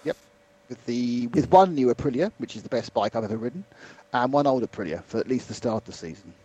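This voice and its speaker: A man co-presenting a motorsport radio podcast, giving chatty, animated analysis in casual conversation. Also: medium pitch, fast talker, breathy edge, low-quality recording.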